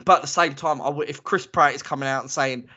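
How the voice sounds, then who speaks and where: A man's voice: on the high side, fast, bright, forceful tone, slightly rough. A man co-hosting a casual chat, opinionated and ranting, laughing often. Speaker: podcast co-host. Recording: lo-fi muffled audio.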